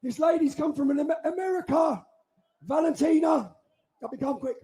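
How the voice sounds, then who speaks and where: High, shouting rally speaker, a man. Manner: forceful, indignant, drawn-out delivery. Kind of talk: shouted speech to a crowd. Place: outdoor street rally.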